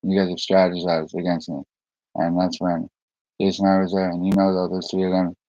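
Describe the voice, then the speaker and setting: A man speaking in a meandering, halting monologue, often restarting his sentences and drifting into asides. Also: low-pitched, little pitch movement, mellow, no room sound. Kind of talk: rambling monologue to camera. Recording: dull lo-fi recording.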